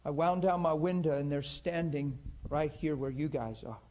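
A middle-aged pastor preaches through a personal story, his slightly raised voice full of feeling. He acts out each person's lines as he tells it, swinging between hushed moments and louder bursts. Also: fairly high pitch, normal speed. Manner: emotional, acts out both sides of a story. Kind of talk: sermon storytelling.

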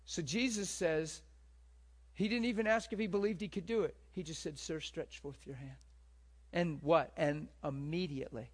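A man preaching to a gathered room, spinning a story and checking in with his listeners again and again. His voice sits a little higher than most men's. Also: normal speed. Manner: storytelling, asks the room questions. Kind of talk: sermon. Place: room with a live audience.

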